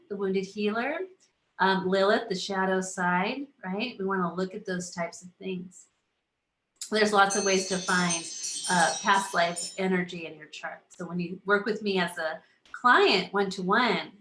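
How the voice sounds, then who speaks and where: Talking to viewers on a relaxed live stream, this female astrologer is bubbly, laughs a lot, and voices small imagined inner thoughts. She has a mid-range, slightly bright voice, and the sound echoes in the room.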